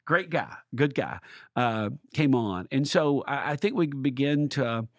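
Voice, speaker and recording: Pastor guy telling stories, lively, does little voices for people, dry close mic. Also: mid-range voice, measured pace, dry recording. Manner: animated, acts out quoted dialogue with voice shifts. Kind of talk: storytelling in a conversation.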